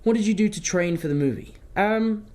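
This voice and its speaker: Chatty young man, slightly high voice. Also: brisk, a little mellow. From London, England. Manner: rambling, chatty storytelling, drifts off topic. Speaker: actor answering fan questions. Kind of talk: casual livestream Q&A.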